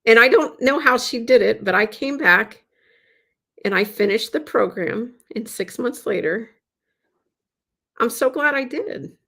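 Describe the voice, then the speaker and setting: A woman's voice: on the high side, a little slow, pauses often, fairly bright tone, breathy edge. A woman guest in a casual interview, telling a personal story with earnest restarts over a video call.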